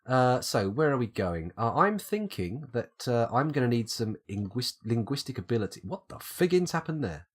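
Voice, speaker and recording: A man's voice: medium pitch, big pitch swings, normal speed, few pauses. A British man with a cold, thinking aloud as he streams live gameplay commentary and muses over his options. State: has a cold, coughing.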